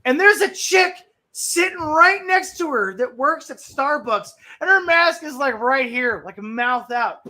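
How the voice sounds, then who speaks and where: A man hosts a blunt talk stream, and his voice sits high and sounds bright and sharp. He tells his stories with animated, profane energy and trips over repeated words when he gets heated. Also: measured pace, few pauses. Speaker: stream host. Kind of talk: blunt casual storytelling.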